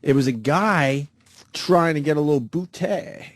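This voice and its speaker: A man hosting a radio show, prodding his co-host along with quick interjections in casual banter. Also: fairly high pitch, dry recording, studio quality.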